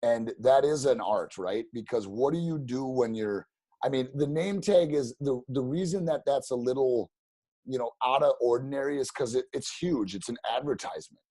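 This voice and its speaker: A man telling stories as a podcast guest, animated and rambling, with many restarts. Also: mid-range voice, normal speed, dry recording. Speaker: podcast guest, real estate agent. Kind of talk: casual storytelling interview.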